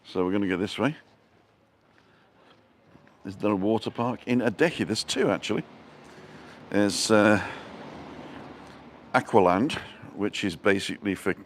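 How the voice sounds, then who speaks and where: A man's voice: sits low, a little slow, long pauses, a little hiss or hum. A middle-aged man live-streaming a walking tour outdoors, chatting and greeting viewers by name from a handheld phone. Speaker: vlogger. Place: outdoors on town streets.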